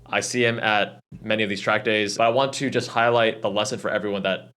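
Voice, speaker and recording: A man narrating track-day footage, calmly breaking down his driving and drawing lessons step by step. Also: lowish voice, a little fast, clear, resonant tone. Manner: calm, analytical, explains driving lessons step by step. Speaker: channel host and track driver. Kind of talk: track-day video commentary. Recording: car engine noise behind the voice.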